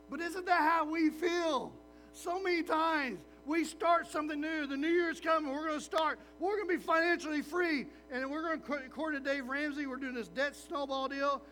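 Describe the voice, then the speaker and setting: A man preaching a sermon as a pastor, animated and acting out little voices of his listeners. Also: very high voice, moderate pace, soft background music, poor audio.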